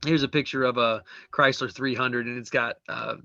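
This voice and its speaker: Co-host, male, bright forceful voice, giggly meme reader, dull dry call audio. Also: mid-range voice, fairly even intonation, moderate pace, creaky, dry recording. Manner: describes pictures and reads captions, giggles often. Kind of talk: casual chat reading memes aloud.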